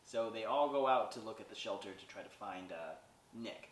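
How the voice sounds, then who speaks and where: A man's voice: lowish voice, lively intonation, moderate pace, distant mic, a little hiss or hum. A man hosting a podcast, recapping a movie in a rambling, chatty way and acting out the characters' lines. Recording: roomy sound from away from the mic.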